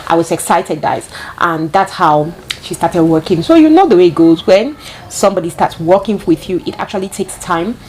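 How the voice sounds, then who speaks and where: A woman with a lowish voice tells a storytime tale. She talks straight to her viewers and repeats points for emphasis. A faint hiss sits under her voice. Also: expressive, moderate pace, a little mellow, low-quality recording. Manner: chatty, addresses viewers directly, repeats herself for emphasis. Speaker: vlogger. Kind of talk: storytime monologue.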